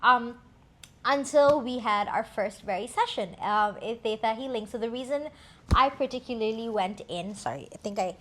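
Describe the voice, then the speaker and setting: Candid woman, higher voice, telling a story. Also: moderate pace. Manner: candid, reflective, many fillers. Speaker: co-host. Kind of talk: casual personal storytelling.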